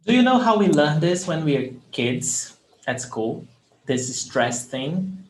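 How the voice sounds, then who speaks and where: A Portuguese teacher leads a live online lesson on verbs, patiently explaining and repeating examples. His voice is a little high, with a slow, sing-song delivery. The room is echoey, with faint noise in the background.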